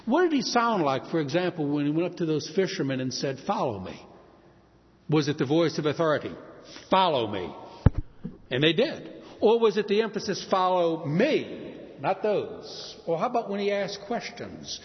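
An older male pastor preaches with a lively, rising and falling delivery, leaning on key words and letting pauses hang. His voice sits fairly high for a man and carries through a hall with a long reverb. The recording sounds muffled. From Texas. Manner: earnest preaching with shifting emphasis and dramatic pauses. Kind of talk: sermon.

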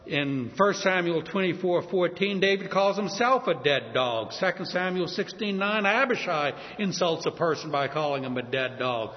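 An older male preacher with a fairly high voice that swings widely as he tells a Bible story. He leans into key words by slowing down. The sound is dull and rings in a large hall. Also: very animated. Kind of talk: sermon. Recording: dull audio in a reverberant hall.

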